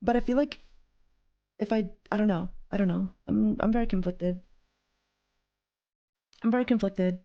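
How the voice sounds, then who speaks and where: A woman's voice: mid-range voice, normal speed, pauses often, dull audio. A woman streaming live, talking casually to her chat in a rambling way, often repeating herself and swearing.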